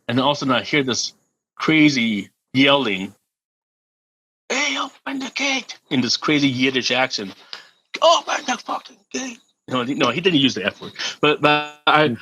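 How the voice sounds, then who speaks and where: A middle-aged man appears as a podcast guest, telling a story in a casual, animated way, laughing, swearing freely and often repeating words. His medium-pitched voice is husky, and the audio quality is poor.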